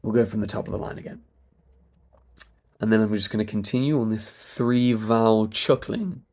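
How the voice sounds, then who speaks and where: A man with a British RP accent and a stuffy nose, coaching pronunciation by stretching vowel sounds very slowly. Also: lowish voice, a little mellow. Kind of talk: slow demonstration of vowel sounds.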